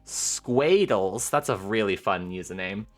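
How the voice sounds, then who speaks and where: A woman streamer chatting casually with her viewers, animated and giggly, rambling with lots of filler sounds. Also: rumbling low, unhurried. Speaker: live streamer.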